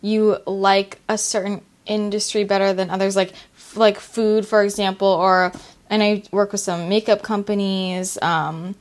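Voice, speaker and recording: A woman's voice: mid-range voice, flat delivery, a little slow. A woman hosting an interview, asking curious, encouraging questions with some hesitant phrasing. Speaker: interviewer host.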